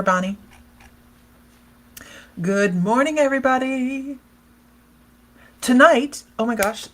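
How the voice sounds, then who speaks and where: A woman's voice: lowish voice, fairly bright tone. A woman psychic medium hosting a casual livestream, chatting and rambling, laughing often and talking straight to viewers by name as she reads their comments.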